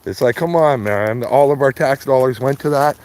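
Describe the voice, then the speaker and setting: A man rambles to his viewers while out walking his dog, talking into a handheld phone. His voice sits at a middling pitch. A faint hum of passing traffic runs beneath his chatter. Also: moderate pace, darkish tone. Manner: rambling, repeats greetings, says "man" often. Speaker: livestreaming street auditor. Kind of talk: casual livestream chat. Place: outdoors on neighborhood streets.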